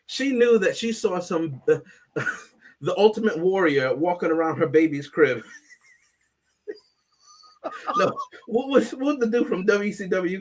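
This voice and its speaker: A man's voice: a little high, a little mellow. Playful man hosting a review show. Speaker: podcast host. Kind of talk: casual movie review chat.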